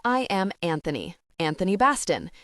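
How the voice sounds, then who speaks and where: A woman's voice: lowish voice, very animated, normal speed, a bit bright, no echo, studio quality. A woman narrator voicing a wounded young male vampire who speaks with a French accent in stiffly polite, formal phrases. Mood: weary, formal. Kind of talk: audiobook character reading.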